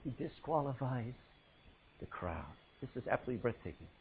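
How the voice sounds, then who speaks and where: A male preacher delivering an emphatic sermon, swinging from loud, high calls to low, hushed lines. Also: expressive, fairly quick, creaky, phone-quality sound, a little hiss or hum.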